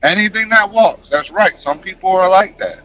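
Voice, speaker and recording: A man chatting casually on a live stream, talking in an animated, passionate way and swearing freely, speaking into a headset. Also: sits high, normal speed, soft background music, low-quality recording. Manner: animated, passionate, profane talk.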